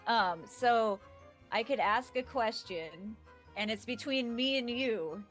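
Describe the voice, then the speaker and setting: Woman co-hosting a stream, easygoing and agreeable, laughs a lot, soft music in the back. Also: a little high, slow. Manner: agreeable, laughing, explains games plainly. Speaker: co-host. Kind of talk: casual chat.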